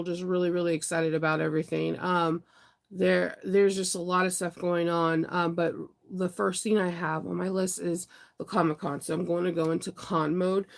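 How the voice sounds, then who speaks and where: A woman's voice: fairly low pitch, gravelly. A woman who is congested from being sick, chatting casually on a livestream in a rambling, upbeat way. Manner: rambling, upbeat, answers viewer comments. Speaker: vlogger.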